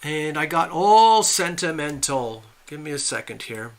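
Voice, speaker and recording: A man's voice: fairly high pitch, sing-song, a little slow, slight background noise. A man hosting a casual live stream, greeting viewers by name and rambling in a friendly, chatty way while he sets up at home. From USA. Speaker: livestream host. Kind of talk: casual live chat reading viewer comments.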